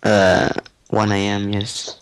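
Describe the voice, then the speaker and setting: A man's voice: on the low side, monotone, takes it slowly, background noise. A man chiming in with laid-back, dry remarks during a friend's gameplay. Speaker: friend commenting along. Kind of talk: casual gameplay banter.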